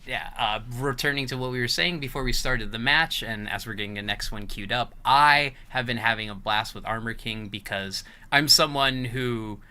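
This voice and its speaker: A man commentating a fighting game tournament stream, energetic and hype-building, with jokey asides. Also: mid-range voice, moderate pace, few pauses, clean tone. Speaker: esports commentator.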